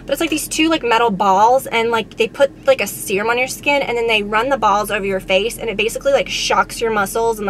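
A woman's voice: on the high side, fairly bright tone, slight background noise. A young woman, chatting casually and telling a story full of fillers while she sits in a car. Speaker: beauty vlogger. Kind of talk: casual chat while driving.

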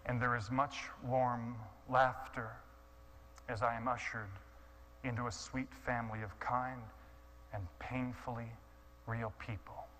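A man telling a dramatic sermon story, swinging from hushed, quiet passages to impassioned shouting. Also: medium pitch, little pitch movement, slow pace, slight background noise, poor audio. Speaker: guest speaker.

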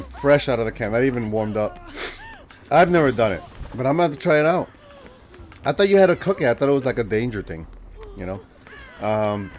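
Lively chatty man streaming a game. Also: medium pitch. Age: 40s. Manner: chatty, jokey, talks to chat while playing; lively, swings from mumbling to loud exclamations. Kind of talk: live game stream chat.

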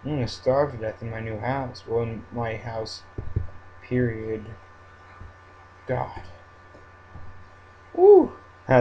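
A man's voice: mid-range voice, darkish tone. A hyper young-sounding man rambles through his own game commentary, cracking goofy jokes along the way. The audio is dull and lo-fi, with a faint hiss underneath. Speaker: Minecraft let's-play vlogger.

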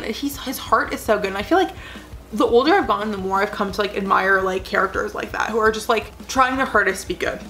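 A woman's voice: medium pitch, fairly bright tone. A young adult woman chatting casually as a vlogger, rambling earnestly with lots of "like" fillers. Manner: rambling, full of "like" fillers, gushing; emotional, earnest. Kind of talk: casual chat.

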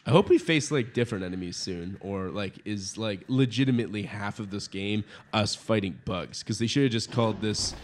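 A young man chatting casually while playing a video game with a friend, animated and rambling, laughing often. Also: fairly low pitch, a little fast, few pauses. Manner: animated, laughs a lot, rambling with many fillers. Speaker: let's play co-commentator. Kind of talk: casual gaming chat.

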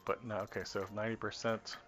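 A man with a fairly low, somewhat bright voice speaks quickly with little pitch movement. He thinks aloud casually while practicing combos on a live stream, rambling, trailing off, and correcting himself as he tests. The lo-fi stream audio sounds dull, with faint game music behind him.

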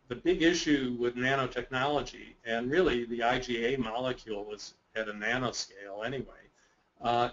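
A man answering questions as a guest expert in a webinar, explaining in a measured way with a touch of self-deprecating humor. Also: medium pitch. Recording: muffled webinar audio.

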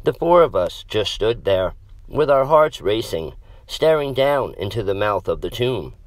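A man narrating a horror story in a dramatic, measured way. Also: lowish voice, big pitch swings, dry recording.

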